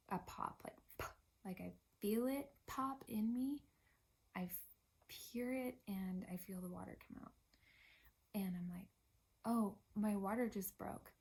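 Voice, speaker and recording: A young woman telling a personal story in a relaxed, chatty way. Her voice is gravelly with a husky, breathy edge, and she often sinks into a soft half-whisper. Her pitch sits at an ordinary middle level. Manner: chatty, drops to a hushed, partly whispered voice. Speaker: vlogger. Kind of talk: casual storytelling.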